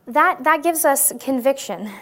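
High-voiced woman giving an earnest sermon. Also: animated, a little slow, fairly bright tone. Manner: earnest, checks in with listeners by asking "right?". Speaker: Christian speaker. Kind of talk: testimony-style sermon talk to an audience.

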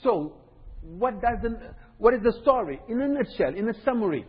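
A man's voice: high voice, lively intonation, moderate pace, slightly rough. A man preaching a sermon in a teaching way, repeating his points and often checking in with the listeners. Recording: dull, echoey hall recording.

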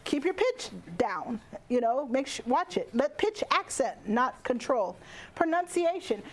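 A woman teaching public speaking to a live audience, animated and playful, laughing often and speaking into a handheld microphone in a lecture room. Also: high voice, measured pace. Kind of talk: lively workshop lecture.

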